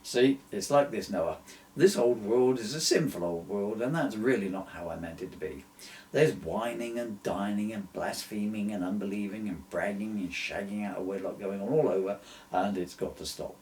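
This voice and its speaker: A man voicing God in a comic story, speaking slowly and deadpan. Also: on the low side, slight background noise, lightly acted. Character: God, weary deity giving orders.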